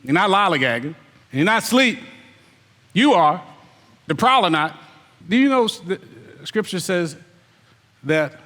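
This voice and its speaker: A man preaches a fiery sermon. His voice sits high, and it echoes through a large hall. He calls out the congregation directly and mocks their excuses. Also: fairly bright tone. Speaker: pastor.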